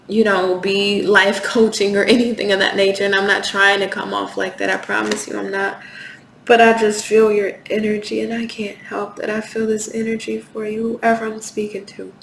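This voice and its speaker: A woman's voice: mid-range voice, flat delivery, moderate pace, gravelly. A woman doing a tarot reading, speaking with passion, repeating rhetorical questions and swearing now and then. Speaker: tarot reader. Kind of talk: spiritual tarot reading to camera. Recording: echoey room with faint background noise.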